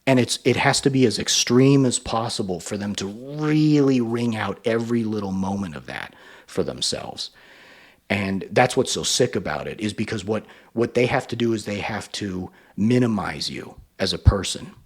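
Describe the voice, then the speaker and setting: A man's voice: lowish voice, lively intonation, moderate pace. A man giving emphatic reaction commentary on a video, now and then mocking others in a sneering voice.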